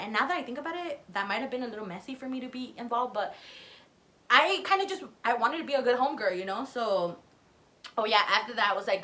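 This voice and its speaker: Animated, profane young woman vlogger. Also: on the high side, fast. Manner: animated, profane, acting out quotes. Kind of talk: casual storytime.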